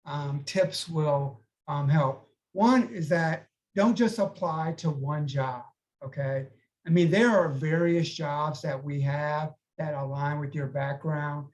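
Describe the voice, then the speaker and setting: Higher-voiced man giving career advice. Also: a little mellow, poor audio. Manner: conversational, advising with frequent "okay?" check-ins. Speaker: recruiter. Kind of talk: career advice talk on a panel.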